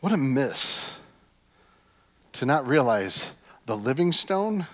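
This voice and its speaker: A man preaching a sermon as a pastor, emphatic, with repeated refrains that swing from hushed to loud. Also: medium pitch, big pitch swings, slow. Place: church sanctuary. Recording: long hall reverb.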